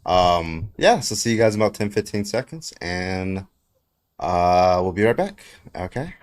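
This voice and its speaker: A man's voice: sits low, big pitch swings, measured pace. A man hosting a livestream debate, talking loosely, laughing and swearing casually.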